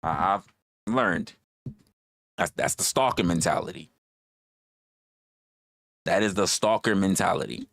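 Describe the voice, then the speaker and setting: A man's voice: low-pitched, measured pace, creaky, long pauses, a bit bright. A man hosting a livestream, talking casually in a rambling, profane way and repeating his phrases. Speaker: livestream host.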